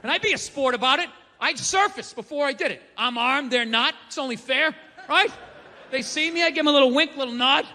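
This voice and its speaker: A man's voice: very high-pitched, brisk, bright, forceful tone, long reverb tail. A man doing a profane, ranting stand-up routine, acting out the voices he quotes, before a live audience. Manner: profane, ranting, mock-outraged. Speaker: stand-up comedian. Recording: live club recording with crowd noise.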